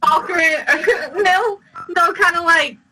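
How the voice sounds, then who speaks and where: A woman's voice: extremely high pitch, takes it slowly, recorded from a distance, noisy background. A woman playing a tabletop game in a playful, giggly way. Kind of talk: casual chat.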